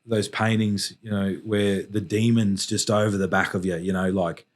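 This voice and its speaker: A middle-aged Australian man with a fairly low voice speaks as a podcast guest. He tells his story slowly and reflectively, pausing and restarting as he searches for words. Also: little pitch movement. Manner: halting and reflective, frequent restarts. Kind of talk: emotional personal storytelling.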